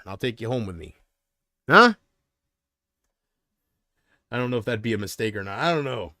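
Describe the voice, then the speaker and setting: Lively, rambling male livestreamer. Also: mid-range voice, normal speed, long pauses, dry recording, studio quality. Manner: rambling, answers viewer comments. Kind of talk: casual livestream chat.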